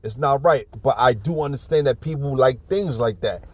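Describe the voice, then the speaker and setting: A man's voice: medium pitch, moderate pace, a little mellow, no room sound. A man giving casual ranting commentary on a video clip, blunt, profane and preachy, often restarting his sentences.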